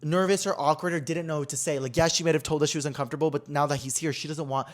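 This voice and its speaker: Chatty young man with a higher voice. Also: very fast. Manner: animated, dramatic retelling full of "like" fillers. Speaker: podcast host. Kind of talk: casual storytime chat.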